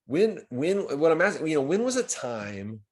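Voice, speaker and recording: A man's voice: a little high, moderate pace. A man hosting a live community stream, talking casually with many restarts and sudden bursts of emphasis. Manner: conversational, repetitive restarts, animated swings in loudness. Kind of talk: casual livestream talk.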